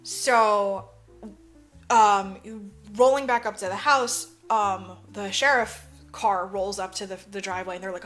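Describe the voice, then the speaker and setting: With faint music in the background, a woman co-host recounts a movie plot in a casual podcast chat, performing the characters and swearing freely. She keeps a steady tone and measured pace, her mid-range voice fairly bright.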